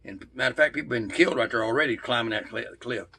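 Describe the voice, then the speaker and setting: A man telling a true story in a casual, folksy way, with halting restarts. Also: medium pitch, creaky, sharp tone, a little hiss or hum.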